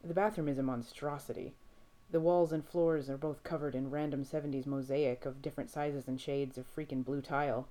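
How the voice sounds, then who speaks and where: A woman narrating a story aloud in a steady, measured reading voice. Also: very deep voice. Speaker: reader. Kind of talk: audiobook fiction reading.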